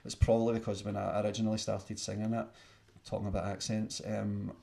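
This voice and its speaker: A man's voice: on the low side, level tone, fairly quick, creaky, mellow. A man with a Glaswegian accent, a singer-songwriter chatting casually between songs, rambling and self-deprecating. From Scotland. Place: home studio. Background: acoustic guitar.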